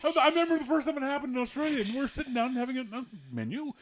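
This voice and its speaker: Man, canadian accent, middle-aged, casual podcast chat, mock-exasperated, very expressive pitch. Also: rapid-fire, background noise. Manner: animated, joking, mock-exasperated. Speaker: podcast host.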